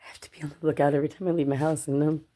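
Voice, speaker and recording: A woman's voice: deep voice, level tone, racing, dark tone. A woman vlogger telling a personal story casually to her viewers, chatty and swearing, often laughing and calling them "you guys.".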